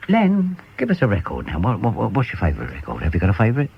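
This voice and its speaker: An older man hosting a reminiscing radio chat in a studio, spinning anecdotes. His voice sits low but swoops lively, and it comes through a muffled old broadcast with a faint hiss underneath. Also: fast talker, vocal fry. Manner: chatty anecdote teller who chuckles and calls on guests. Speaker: radio show host.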